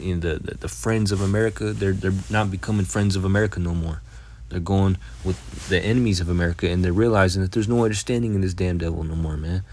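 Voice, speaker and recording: Here the Bible teacher sounds low and a little mellow. His lesson stays casual and blunt, with free swearing and every pause filled by "all right" or "man," while his scripture reading is slow and deliberate.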